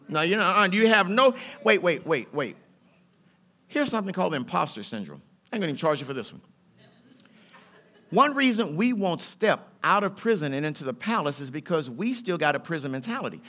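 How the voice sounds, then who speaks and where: High, bright-voiced preaching man. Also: sing-song, fairly quick. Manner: preaching with rising fervor, colloquial and rhythmic. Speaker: pastor. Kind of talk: sermon. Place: church sanctuary.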